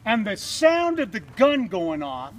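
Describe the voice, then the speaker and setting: A man telling a campfire story, drawling and slow, acting out the voices of the people in his tale. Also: high voice, huge pitch swings. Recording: distant mic, faint noise.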